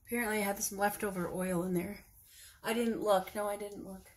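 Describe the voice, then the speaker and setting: A woman's voice: medium pitch, fairly even intonation, a little fast, heavy background noise. A tired woman chatting casually while cooking in her home kitchen, rambling and poking fun at herself. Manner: rambling, self-deprecating chatter. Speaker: vlogger.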